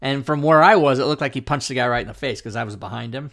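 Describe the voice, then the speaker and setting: A man's voice: mid-range voice, quick pace, fairly bright tone. A man hosting a livestream talk show, telling a long story in a casual, rambling way, laughing often and restarting his sentences.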